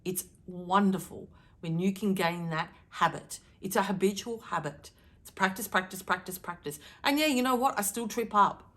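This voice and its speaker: A middle-aged woman delivering a channeled daily message to her viewers, emphatic and animated, deliberately shifting her tone to stir emotion. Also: mid-range voice. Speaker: spiritual card reader.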